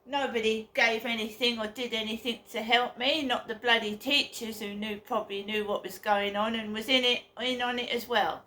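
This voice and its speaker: Woman vlogger, bitter venting monologue, slightly high voice, echoey room recording. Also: steady tone, normal speed, hardly any pauses, bright, forceful tone. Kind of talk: personal vlog monologue.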